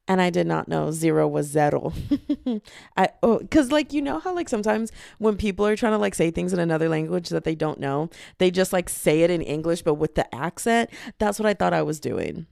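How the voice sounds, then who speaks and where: A young woman hosts her own podcast alone, rambling through jokes at her own expense. Her voice has a steady gravelly fry at the ends of phrases. The sound is close and dry, with no room around it. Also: on the low side, a little fast, dry recording. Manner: rambling, self-deprecating, jokey. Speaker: podcast host. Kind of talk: solo casual podcast chat. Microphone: podcast microphone.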